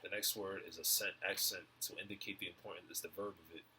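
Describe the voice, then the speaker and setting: A young man in a rambling stream-of-consciousness monologue, halting and repeating words as he muses over word definitions. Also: low voice, fairly even intonation, very noisy. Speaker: vlogger.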